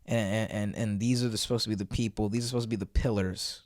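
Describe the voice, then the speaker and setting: A man's voice: on the low side, steady tone, quick pace, dry recording, clean studio sound. A man hosting a commentary video, reacting to a clip in a blunt, profane, sarcastic way. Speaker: host.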